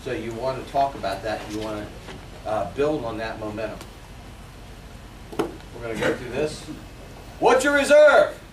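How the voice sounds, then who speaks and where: A man's voice: lowish voice, very animated, normal speed, long pauses, a little hiss or hum. A man in his forties, a sales trainer, leading a seminar and acting out customer phone calls with lots of energy. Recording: echoey room, mic from a distance.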